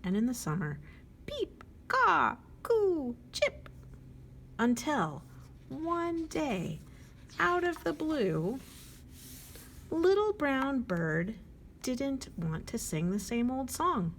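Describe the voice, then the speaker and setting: A woman librarian leads a storytime, reading a picture book to children with an animated, questioning manner. Her voice rises and falls widely, unhurried, with a touch of gravel, over a faint low hiss. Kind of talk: storytime read-aloud.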